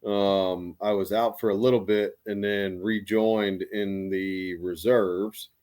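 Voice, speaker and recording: Deep-voiced man telling army stories. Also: level tone, slow, a little mellow. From United States. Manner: rambling, lots of restarts and fillers. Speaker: guest, Army veteran. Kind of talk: casual storytelling.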